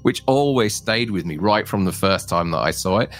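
A man co-hosting a relaxed film chat, speaking in a low voice with lively ups and downs. He is enthusiastic and fills his speech with "um" and "you know." Faint synth music runs underneath. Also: moderate pace. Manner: enthusiastic, filler-heavy. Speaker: co-host. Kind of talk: casual film discussion.

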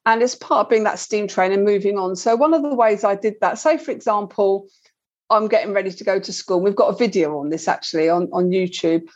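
A woman's voice: mid-range voice, a little fast, darkish tone. Earnest woman, dull lo-fi sound. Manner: earnest, repeats words while explaining. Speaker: parenting guest expert. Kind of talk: explaining in a conversation.

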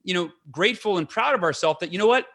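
A man's voice: high-pitched, lively intonation, fast talker, fairly bright tone. A man being interviewed as a guest on a podcast, talking in an earnest, enthusiastic way and often restarting his sentences. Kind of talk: casual interview talk.

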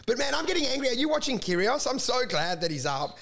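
A high-pitched man in full rant mode, swearing freely and building up steam as he riffs with a friend. His talk is loose, comedic and animated. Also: quick pace, vocal fry, hardly any pauses. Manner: ranting, profane, animated. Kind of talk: casual comedic chat.

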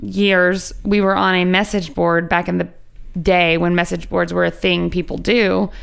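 Female podcast co-host, casual and giggly, gravelly fry in the voice. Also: fairly low pitch, little pitch movement, a little slow. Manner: laughs often, swears casually. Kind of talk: casual chat.

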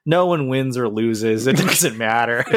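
A man's voice: medium pitch, expressive, slow pace, a bit bright, no room sound, studio quality. A man in casual podcast chat, earnestly and animatedly retelling a story.

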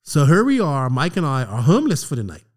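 Animated, swearing podcast storyteller man. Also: fairly high pitch, brisk. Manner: animated, profane, acts out quotes. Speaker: podcast co-host. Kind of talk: casual storytelling chat.

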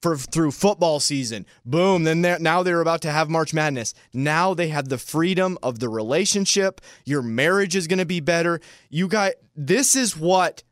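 A young man co-hosting a casual chat show, rambling playfully and building into loud hype. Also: on the high side, normal speed, hardly any pauses, dry recording, studio quality. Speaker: co-host.

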